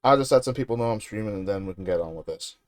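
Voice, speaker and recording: A British man streaming live, his pitch swinging widely as he jokes and rambles in a self-deprecating way. The sound is close and dry, with no room around it. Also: lively intonation, very fast, no echo. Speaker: streamer building a PC. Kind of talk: casual live-stream chat.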